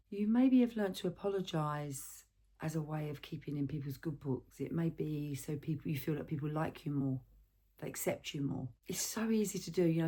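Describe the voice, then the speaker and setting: Low, husky-voiced woman counsellor. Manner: gentle, asks the viewer questions. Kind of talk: reflective self-help talk to camera.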